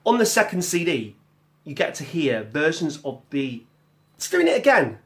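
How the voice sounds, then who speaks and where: A man with a slightly higher voice, talking casually at home about how he makes his music. He rambles in a loose, chatty way, drifts off topic for jokey asides and breaks into scat-singing. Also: very animated, normal speed. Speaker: musician vlogger. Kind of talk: casual spoken vlog. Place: home kitchen.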